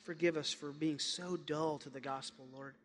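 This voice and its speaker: Guy pastor preaching, high bright voice, goes quiet then loud, big echoey hall. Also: fairly even intonation, normal speed, a little hiss or hum. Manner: impassioned preaching, swings from hushed to loud. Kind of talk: sermon. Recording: long hall reverb.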